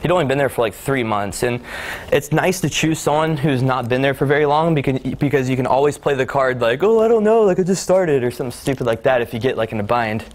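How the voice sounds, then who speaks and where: A man's voice: mid-range voice, quick pace. A young man giving a casual conference talk, full of fillers and acting out both sides of phone calls. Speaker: conference speaker. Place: conference hall.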